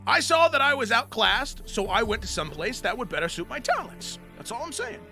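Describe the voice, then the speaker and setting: A man's voice: very high voice, sing-song, a little fast, sharp tone, faint music behind, voice pushed up, heavily acted. A man voicing a boisterous tusked male brawler who swears, teases and laughs a lot. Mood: teasing.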